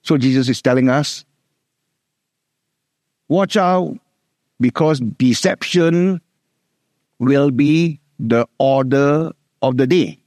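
A man's voice: medium pitch, a little mellow, no echo. Emphatic Singaporean man preaching. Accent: Singaporean English. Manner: emphatic, repeats key words, slows down to stress scripture. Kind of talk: sermon.

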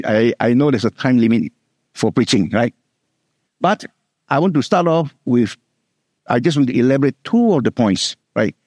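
A middle-aged man with a Singaporean English accent, preaching a sermon, repeating key words and slowing down to stress scripture. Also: medium pitch, a little mellow, dry recording, clean studio sound.

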